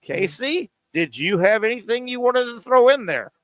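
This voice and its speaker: A man hosting casual sports radio banter, loud and jokey, swinging from shouting to mumbling. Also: very high-pitched, very animated, moderate pace, dry recording, muffled recording.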